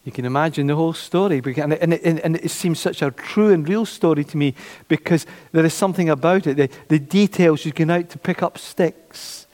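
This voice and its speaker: A man preaching a sermon, animated, repeating his phrases and acting out the voices of doubters. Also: a little high, fairly quick, few pauses. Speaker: pastor. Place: church. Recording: long church reverb.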